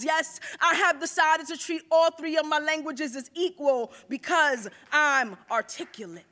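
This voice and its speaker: A woman's voice: high voice, unhurried, bright, forceful tone. A woman spoken word poet performing live on a stage at a university event, with a rhythmic, rhyming delivery.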